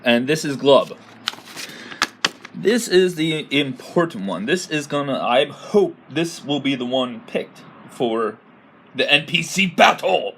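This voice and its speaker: A man's voice: medium pitch, lively intonation, slow, fairly bright tone, slight background noise. A man casually explaining a tabletop game character build, rambling with many fillers. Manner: loose and rambling, with frequent fillers. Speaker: video creator.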